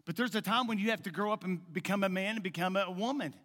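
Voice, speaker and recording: A male pastor preaching in a folksy, rambling way, at times dropping to a soft coaxing tone. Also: sits high, quick pace. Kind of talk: sermon. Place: church sanctuary. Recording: long hall reverb.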